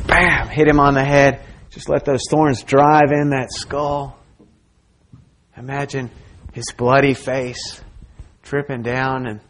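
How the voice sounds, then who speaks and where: A male pastor preaching a sermon in a church service, dramatic and swinging between loud emphasis and near whispers. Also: mid-range voice.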